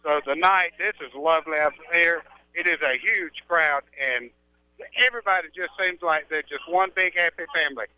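A man's voice: on the high side, moderate pace, bright, forceful tone, smooth, dry recording, poor audio. A man running a food stand, giving an easygoing interview on live radio at an outdoor festival. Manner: friendly, easygoing salesman talk.

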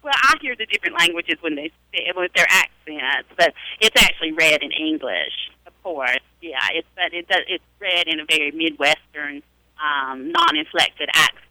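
A Southern-accented woman talks about her teaching work in a live radio interview, hesitating often with fillers. Her voice is very bright, and it sounds dry and close. She is recorded live at a public library. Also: low voice, sing-song, moderate pace, no room sound, rough recording. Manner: chatty, many hesitations and fillers. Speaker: adult literacy and ESL teacher.

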